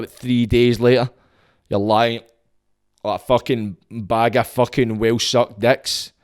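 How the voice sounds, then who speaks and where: A Scottish man hosting his own podcast in a crude, rambling comic monologue, full of swearing and sudden jumps between loud bursts and low mutters. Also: clear, resonant tone, no echo, studio quality. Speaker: podcast host.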